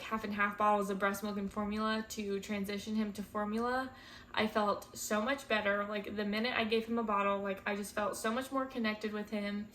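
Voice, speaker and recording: A young woman vlogs in her twenties, speaking candidly and emotionally, sometimes near tears. Her pitch sits in the middle for a woman, and her talk is full of casual fillers. A faint hum of noise sits under the voice. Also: fairly bright tone. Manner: chatty, many fillers like "like" and "um". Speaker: vlogger, first-time mom.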